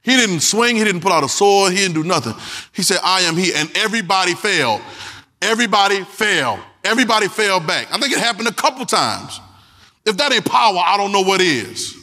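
A man's voice: high voice, very animated, fairly quick, pushed and bright, long reverb tail. A man preaching a sermon in an emphatic, repetitive way, calling out to the congregation.

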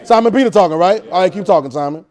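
A high-pitched male preacher leads a call-and-response sermon. He is animated, repeats his words and keeps asking the congregation questions. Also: rapid-fire.

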